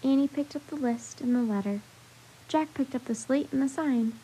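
Storyteller, female, steady gentle reading of a kids' book; mellow, slightly husky. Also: high voice, normal speed, poor audio. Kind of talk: reading a children's chapter book aloud.

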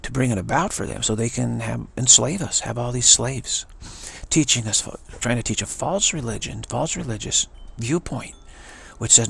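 A man's voice: mid-range voice, normal speed, fairly bright tone, a little hiss or hum. A man giving an emphatic spiritual talk, often repeating and restarting words. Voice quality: gravelly and husky. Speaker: spiritual teacher.

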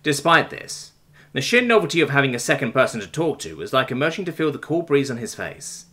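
Male narrator for sci-fi fiction; breathy tone, animated storytelling. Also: mid-range voice, a little fast.

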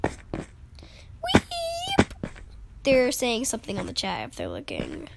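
A young woman with a sick, hoarse voice that keeps fading, chatting excitedly and giggling while she plays a game and talks to viewers. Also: medium pitch, brisk, a little hiss or hum. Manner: giggly and excitable, frequent laughs and squeals. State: sick, hoarse and losing her voice. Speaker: gaming YouTuber. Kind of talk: casual gameplay vlog.

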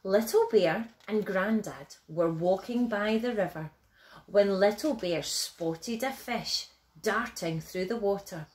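A woman reading a children's bedtime story aloud at home in a gentle, expressive, unhurried way. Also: medium pitch.

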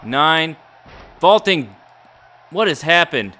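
Gaming YouTuber, male, mock ring-announcer play-by-play, bright and punchy, excitable. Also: medium pitch, unhurried. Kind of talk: play-by-play game commentary.

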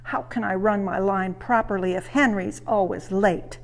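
A woman's voice: mid-range voice, steady tone, moderate pace, vocal fry, long reverb tail, natural voice. A woman doing Thomas, a cheeky little tank engine. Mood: cross. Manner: bossy, huffing sing-song calls. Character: small cheeky impatient male tank engine.

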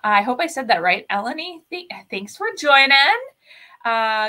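A woman's voice: high-pitched, animated, a little slow, bright, forceful tone. A woman hosting a live crafting stream in a casual, chatty way, greeting viewers by name and rambling with many fillers and self-corrections. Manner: chatty and upbeat, greets viewers and reads their comments aloud. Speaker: host of a furniture-flipping craft channel.

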